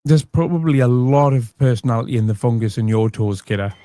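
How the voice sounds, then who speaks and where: A man's voice: medium pitch, a little fast, dark tone, no room sound. A middle-aged man reacting to clips with dry, sarcastic asides from a room at home. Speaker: commentary host. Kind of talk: comedic reaction commentary.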